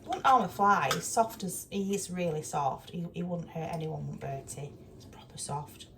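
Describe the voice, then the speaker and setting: A woman's voice: lowish voice, lively intonation, normal speed, vocal fry. A woman chatting casually in her kitchen while she cooks, exasperated and down to earth. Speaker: vlogger. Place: cold home kitchen. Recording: distant mic, loud kitchen noise. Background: clattering dishes and pans.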